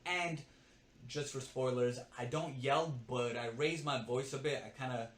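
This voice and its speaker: A young man vlogs about a bad job, telling the story casually and animatedly, swearing and often checking in with "right?". His mid-range voice is a bit bright and a little slow, recorded in a roomy space with faint ambience.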